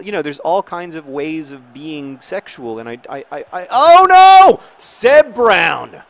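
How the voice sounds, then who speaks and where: A man in his thirties hosting a video, talking casually and haltingly with many fillers and restarts while playing a football game, now and then breaking into excited outcries. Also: on the high side. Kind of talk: casual talk over gameplay.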